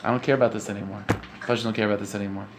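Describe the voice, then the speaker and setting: A man's voice: lowish voice, steady tone, rapid-fire, noisy background, pitched below the performer's own voice, lightly acted. A man voicing a devout young married scholar who loves food, muttering to himself and then uplifted. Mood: relieved.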